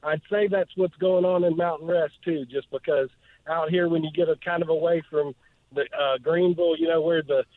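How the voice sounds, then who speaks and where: A man from northeast Georgia, calling in to a radio show and speaking earnestly, with many pauses and fillers. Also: on the high side, fairly even intonation, no room sound. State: emotional. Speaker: caller. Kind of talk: call-in radio chat. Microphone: phone. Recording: tinny phone line, dry.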